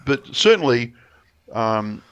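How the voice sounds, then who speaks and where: A middle-aged Australian man chatting casually, telling a long story with many restarts and getting animated when he quotes people. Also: medium pitch, slow, clear, resonant tone. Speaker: friend sharing memories. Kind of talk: casual chat.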